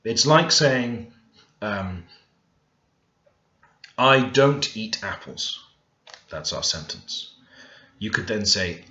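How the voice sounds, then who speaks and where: A man's voice: fairly low pitch, lively intonation, very slow, pauses often, bright, forceful tone. A man working through a grammar lesson over a screen recording, thinking aloud and stressing the words in his example sentences. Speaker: language learner teaching. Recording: echoey room, dull lo-fi sound.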